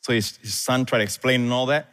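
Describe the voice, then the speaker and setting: A male pastor preaching a sermon, telling a scripture story and leaping up in pitch and volume when he quotes the characters. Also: fast. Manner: animated, rises high and loud when quoting scripture. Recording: echoey hall with long reverb.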